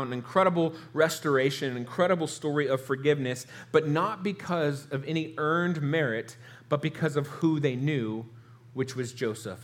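A man preaching a sermon with a somewhat high voice. He retells the scripture story in his own words and slips into the characters' pleading lines as he goes. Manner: storytelling, acts out quoted lines with rising emotion. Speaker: pastor.

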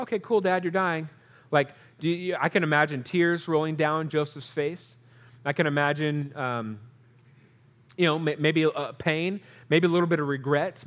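Earnest man preaching a conversational sermon. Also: a little high. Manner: earnest, conversational preaching with restarts and rhetorical questions. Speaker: pastor.

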